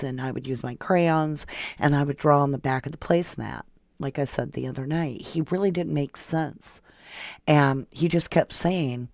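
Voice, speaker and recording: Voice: medium pitch, a little mellow, no room sound, studio quality. A true crime livestream host talking casually and sarcastically, reading out viewer comments and answering them. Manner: chatty, sarcastic, reads viewer comments aloud. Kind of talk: casual live-chat commentary.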